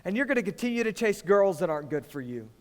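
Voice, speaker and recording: A man preaching to students as youth pastor, swinging from hushed lines to loud, emphatic ones. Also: high voice, very animated, fast talker. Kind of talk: sermon to students. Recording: long reverb of a large hall.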